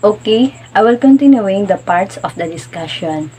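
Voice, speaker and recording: A woman's voice: mid-range voice, expressive, normal speed, dark tone, husky, rough recording. A woman continuing a classroom lecture, reading definitions plainly. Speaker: student teacher.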